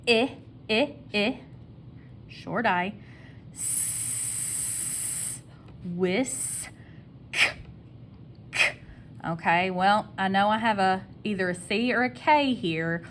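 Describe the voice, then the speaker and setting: A Southern-accented woman gives a phonics lesson at an unhurried, drawn-out pace and stretches each sound of a word. Her tone is patient and encouraging, and a faint low rumble sits behind her voice. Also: a bit bright. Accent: Southern American. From American South. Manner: sounds out words slowly, repeating each sound. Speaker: teacher.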